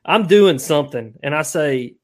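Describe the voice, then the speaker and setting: A man's voice: on the high side, normal speed. A man hosting a casual fishing live stream, rambling and laughing as he tells stories. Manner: rambling, laughs often, animated storyteller. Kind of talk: casual chat.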